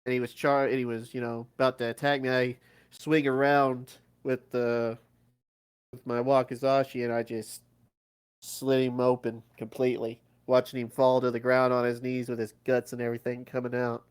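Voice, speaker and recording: A man plays in a tabletop game and narrates his character's moves in a wry, sarcastic manner. His voice is smooth and clear, at a middle pitch. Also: flat delivery, moderate pace. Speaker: player.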